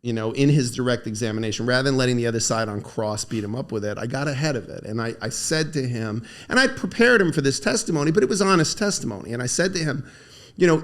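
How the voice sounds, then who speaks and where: A man's voice: medium pitch, quick pace, creaky. A young adult man, a lawyer, co-hosting a casual podcast conversation and telling stories from his practice with acted-out quotes. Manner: animated storyteller, acts out quoted speech. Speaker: co-host, lawyer.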